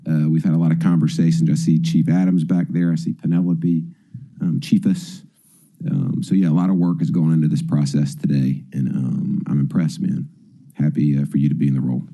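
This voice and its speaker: A man's voice: a bass voice, level tone, brisk, warm tone. A councilman making loose, joking remarks of praise at a public budget hearing. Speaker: city council member.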